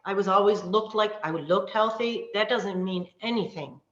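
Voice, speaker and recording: A woman coaching a live online workshop, talking fast, passionately and earnestly about taking back control. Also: mid-range voice. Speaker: wellness coach. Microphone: video call. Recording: roomy, dull lo-fi call audio.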